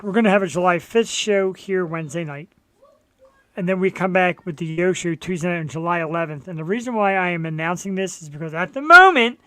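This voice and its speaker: A man hosting a live online show, chatting casually in an excitable, rambling, joking way. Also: sits high, no echo. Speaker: host.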